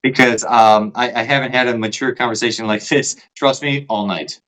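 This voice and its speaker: A man's voice: medium pitch, steady tone, moderate pace, fairly bright tone, poor audio. A man in a loose casual chat who swears freely and keeps tagging his points with "right?". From parents from Poland.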